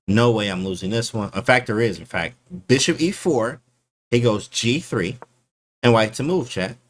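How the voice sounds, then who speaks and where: A man casually breaking down his chess game for his stream chat, slangy and animated, often calling people bro. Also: mid-range voice, normal speed, slight background noise.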